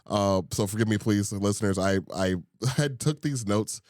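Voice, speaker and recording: A man's voice: lowish voice, moderate pace, a little mellow, no room sound, clean studio sound. A young man co-hosting a casual podcast chat. He laughs often and talks with many fillers and restarts. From Indiana, USA. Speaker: podcast co-host.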